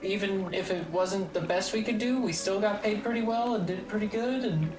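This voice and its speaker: A woman's voice: mid-range voice, normal speed, over music. A woman streamer chatting casually and rambling while she plays, swearing freely, from a home streaming room. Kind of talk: casual chat while gaming.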